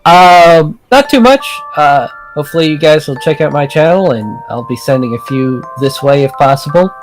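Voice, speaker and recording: A man's voice: a little high, lively intonation, moderate pace, soft background music, low-quality recording. A man guesting on a let's play, talking casually and hesitantly with many fillers. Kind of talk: casual chat.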